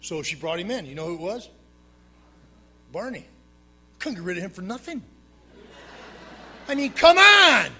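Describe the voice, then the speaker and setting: A man with a breathy edge to his voice tells his recovery story to a live meeting audience, animated and a little fast, with long pauses. He's plain-spoken and drily funny, alternating loud emphatic bursts with low hushed asides.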